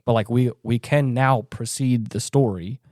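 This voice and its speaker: A young man co-hosting a podcast, talking casually about a film in a rambling, animated way and acting out the characters' lines in high voices. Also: moderate pace, no room sound, studio quality. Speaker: podcast co-host.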